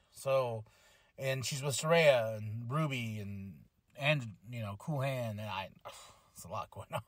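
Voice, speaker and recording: A man talks through a casual podcast recap, rambling and excitable, with lots of fillers and restarts. His voice sits a little high for a man. The sound is dry and close, with no room around it. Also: no echo. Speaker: podcast host reviewing wrestling. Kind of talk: casual review chat.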